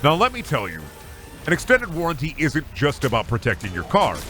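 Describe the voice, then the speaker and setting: A man putting on a smooth, slick car-warranty telemarketer with a sales patter. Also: a little high, huge pitch swings, fairly quick, bright, forceful tone, soft background music, heavily acted.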